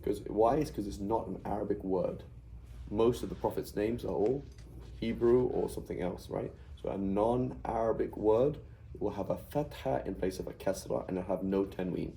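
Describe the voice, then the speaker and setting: A man's voice: fairly low pitch, moderate pace, warm tone, slight background noise, poor audio. A middle-aged man teaching a Quranic Arabic class in a conversational way, often checking with "right?". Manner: explains with frequent "right?" checks.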